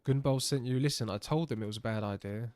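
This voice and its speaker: A man voicing a wary, gruff young male rebel. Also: mid-range voice, quick pace, darkish tone, no echo, lightly acted.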